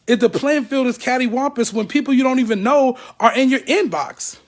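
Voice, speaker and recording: A man's voice: very high-pitched, brisk. A man speaking to camera, emotional and blunt, animating the people he talks about. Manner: animated, acts out other people's words; blunt and profane. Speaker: ex-member speaking out.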